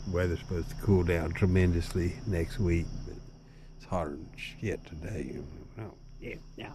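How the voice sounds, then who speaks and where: A man's voice: sits low, fairly even intonation, moderate pace. A tipsy man vlogging by a river on a handheld camera, rambling and cursing with chuckles in between. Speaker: bikepacking vlogger. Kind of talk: rambling outdoor vlog. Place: outdoors by a river. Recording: outdoor recording with loud nature noise. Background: crickets and insects.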